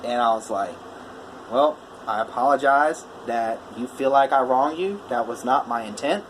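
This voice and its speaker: A man's voice: medium pitch, normal speed, slight background noise. A man, a welder, telling a customer story in a casual vlog, acting out both sides of a heated phone call. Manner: animated retelling, quoting both sides of a phone argument.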